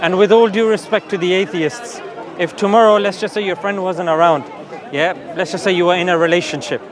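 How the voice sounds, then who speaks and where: In an outdoor public park, a street preacher earnestly and persuasively argues his faith in an open-air debate, often checking in with a quick "yeah?". His voice is high for a man, with fairly even intonation, and a crowd murmurs around him.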